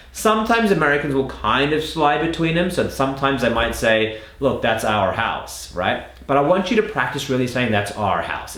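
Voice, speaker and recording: A man teaching an accent lesson, who slows right down to model practice sentences for the listener to repeat. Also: medium pitch, a bit bright, reverberant. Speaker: accent coach.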